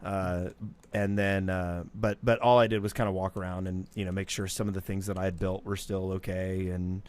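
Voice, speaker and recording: A man with a fairly low voice talks through a casual podcast chat. He stumbles over his words and repeats himself as he rambles, relaxed and unscripted. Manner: rambling, halting restarts. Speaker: podcast co-host.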